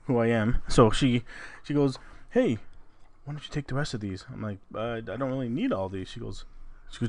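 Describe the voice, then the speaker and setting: A man's voice: mid-range voice, very animated, a little fast. A man co-hosting a podcast in casual chat, joking and laughing as he acts out quotes in his stories. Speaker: podcast co-host.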